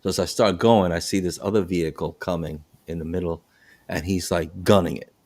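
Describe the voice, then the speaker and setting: Middle-aged male host, very low voice, chatty storyteller who restarts his sentences a lot. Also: brisk. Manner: animated storytelling with frequent restarts. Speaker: podcast host and bus operator. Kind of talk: casual podcast chat.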